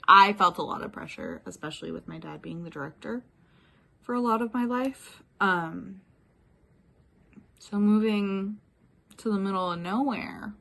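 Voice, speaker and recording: A young woman giving a casual, rambling video update in a soft voice, with frequent ums. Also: medium pitch, gravelly. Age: young adult. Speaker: former classmate giving a life update.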